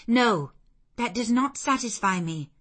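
A woman's voice: medium pitch, measured pace, a bit bright. A woman voicing a determined, passionate young woman who speaks in an insistent, fervent way.

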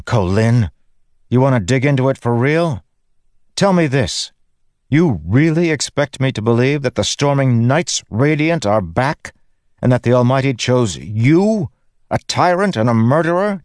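A male narrator voicing a sharp-tongued, defiant woman queen with a scornful, snappish manner. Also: lowish voice, lively intonation, a little slow, no room sound, studio quality, voice pushed up.

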